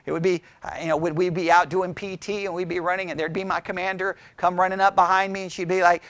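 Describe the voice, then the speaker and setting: Middle-aged male Bible study teacher, high voice, dry close mic, lively and conversational with the group. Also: fast, no room sound. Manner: chatty, animated, asks the group questions.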